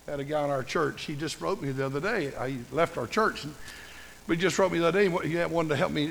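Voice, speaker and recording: A man preaching a sermon in a church, emphatic and building to loud, passionate scripture reading. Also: fairly high pitch, gravelly. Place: church sanctuary. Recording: long hall reverb.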